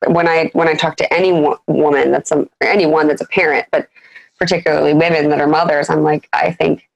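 Low, gravelly thirty-something woman, guest on a chat, halting and candid. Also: steady tone, rough recording. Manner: candid, halting, many fillers and restarts. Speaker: guest, business founder. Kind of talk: casual interview chat.

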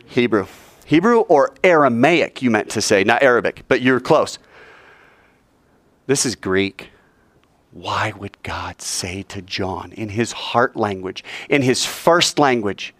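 A man's voice: on the low side, unhurried, no echo. A man leads a Bible class, firing questions at his listeners. His voice climbs and dips freely, and the recording is dry and close. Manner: animated, quizzes the class with questions. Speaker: Bible teacher.

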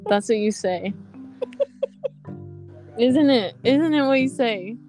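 A young woman co-hosting a podcast in casual chat, telling lively stories and acting out what others said. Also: fairly high pitch, slow pace. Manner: animated storyteller acting out quoted lines. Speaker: podcast co-host. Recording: guitar music playing underneath. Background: guitar music.

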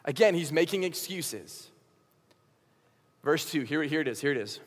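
A young male pastor preaching to a youth crowd, his voice pitched high for a man and full of animated, casual storytelling. The sound rings with a long hall reverb. He slips into quick acted-out dialogue as he retells the story. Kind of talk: youth sermon.

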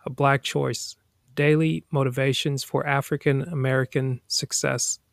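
A man hosting a podcast, reading a daily motivational passage aloud in a slow, deliberate way. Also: mid-range voice, creaky, no echo, studio quality. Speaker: podcast host.

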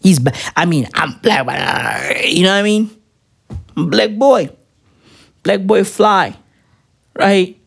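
A woman's voice: mid-range voice, animated, takes it slowly, creaky, pauses often, husky. A woman in a profane, rambling comedic rant full of street slang, at home. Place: at home, with spouse nearby.

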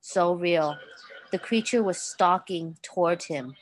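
A woman's voice: lowish voice, slow. A woman reading a story aloud in a casual way, stumbling now and then and correcting herself. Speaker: reader.

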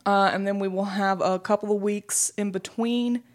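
A woman co-hosts a casual esports podcast, reading out news and schedules with joking asides. Her voice is mid-range, steady in tone, and moderately paced.

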